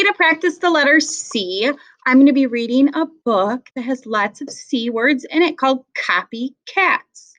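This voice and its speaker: A woman teacher giving a phonics lesson to young children and reading a picture book aloud, slow and clear, with lots of encouragement. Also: high-pitched, fairly bright tone, lo-fi sound.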